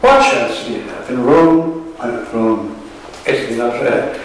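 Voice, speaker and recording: A man's voice: medium pitch, unhurried, hardly any pauses, slight background noise. An Irish man, a poet, giving a wry, sardonic reading at a book launch and chuckling at his own jokes. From Ireland. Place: museum hall at a live event. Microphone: room recording from a distance. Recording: very echoey hall from far off.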